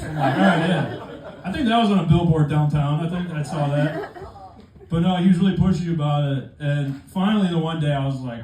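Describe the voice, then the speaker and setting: A man's voice: on the high side, fast, darkish tone. A young man doing a stand-up comedy set in a club, self-deprecating with conversational asides. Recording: echoey club room from far off, crowd laughter.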